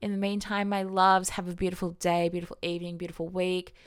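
A woman's voice: fairly low pitch, flat delivery, fast talker, clear, resonant tone. A woman hosting a podcast, talking alone to her listeners in a casual, emphatic way, swearing freely and acting out inner voices in quotes. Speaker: podcast host, business coach. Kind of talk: solo podcast monologue.

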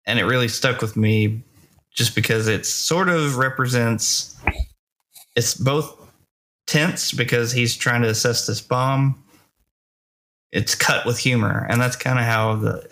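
A man's voice: mid-range voice, creaky, fairly bright tone. A man co-hosting a movie review podcast, talking casually and hesitantly with many fillers. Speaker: podcast co-host.

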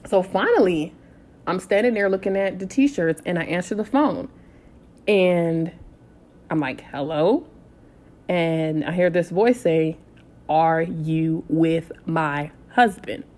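A woman in her thirties telling a personal story in a casual, animated way, blunt and swearing freely. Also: fairly low pitch, slow pace, pauses often. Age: 30s. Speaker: storytime vlogger.

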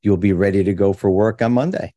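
A man's voice: fairly low pitch, brisk, dark tone, no echo. A man hosting a casual podcast chat, joking and laughing often. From New Jersey. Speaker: podcast host.

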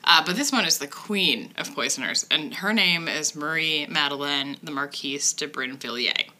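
Bright-voiced chatty woman. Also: low voice, normal speed. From Ireland. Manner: chatty, filler-heavy, wry. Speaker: podcast co-host. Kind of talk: casual chat, telling a true crime story.

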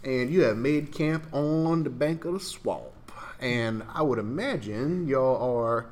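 A man running a tabletop game as game master, narrating scenes in an easygoing, relaxed way. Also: mid-range voice, slow.

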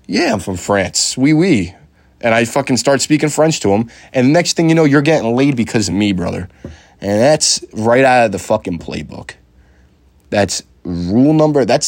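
A man's voice: on the low side, dry recording. A young man hosting a podcast in loose, rambling casual chat, swearing freely and filling his talk with "uh" and "you know" and restarts. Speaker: podcast host.

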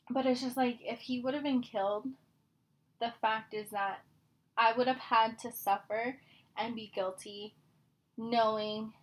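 A young woman co-hosting a podcast, talking candidly and emotionally in casual chat, swearing freely. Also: mid-range voice. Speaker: podcast co-host.

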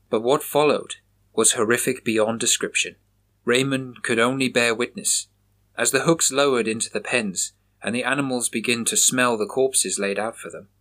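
A man reading a horror story aloud in a measured, grave manner. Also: medium pitch, a bit bright. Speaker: narrator.

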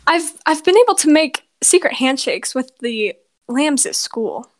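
High, giggly teen girl telling stories. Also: big pitch swings, a little slow. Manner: giggly, laid-back storytelling. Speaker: guest. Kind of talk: casual chat.

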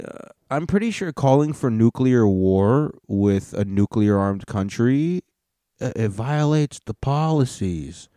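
A man's voice: medium pitch, lively intonation, takes it slowly, mellow, smooth, no room sound, studio quality. A man hosting a podcast, ranting in a rambling, profane and sarcastic way. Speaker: podcast host. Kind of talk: casual podcast rant.

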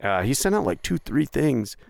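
A man's voice: medium pitch, big pitch swings, moderate pace, creaky, darkish tone, no echo. A man hosting a podcast, chatting casually and rambling, with frequent fillers and restarts. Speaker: podcast host. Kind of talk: casual chat.

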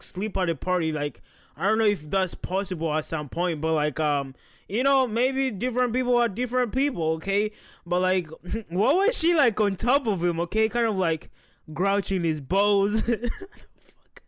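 A man's voice: sits high, fairly bright tone, clean tone, no room sound, studio quality. A man hosting a podcast, reacting casually to a video, laughing often and swearing, torn between amusement and unease.

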